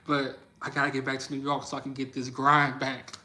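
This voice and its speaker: A man's voice: medium pitch, brisk. A young man with a New Orleans Southern accent, chatting casually on a livestream, answering comments and telling stories with frequent laughter. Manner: laughing often, animated storytelling. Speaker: livestream host.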